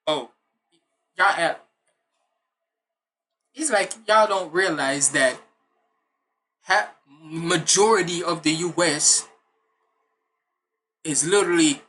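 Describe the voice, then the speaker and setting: A man with Jamaican roots talks straight into his reaction video in a bright, forceful voice. He is blunt and opinionated and drifts into swearing rants. His delivery stays casual and unscripted. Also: a little high. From Jamaican heritage. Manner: blunt, ranting, swears freely. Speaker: music reaction host.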